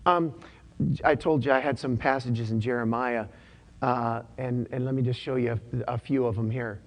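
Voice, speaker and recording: A man's voice: mid-range voice, fairly even intonation, normal speed. Man preaching a casual sermon. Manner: conversational, repeats himself, casual slang. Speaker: pastor.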